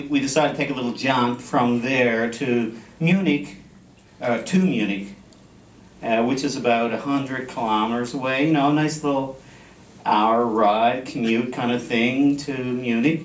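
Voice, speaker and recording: A man's voice: medium pitch, unhurried. Man telling a comic story in an echoey hall. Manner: animated storytelling with audience laughter. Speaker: contest speaker. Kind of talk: humorous contest speech. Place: convention hall. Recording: echoey hall, mic from far off. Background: audience laughter.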